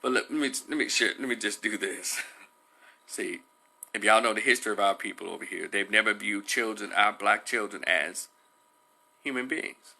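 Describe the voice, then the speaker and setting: A man talking loosely on a livestream, rambling with many fillers and animated retelling. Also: fairly low pitch, moderate pace, creaky, a little hiss or hum. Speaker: livestream commentator. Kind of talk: casual livestream commentary.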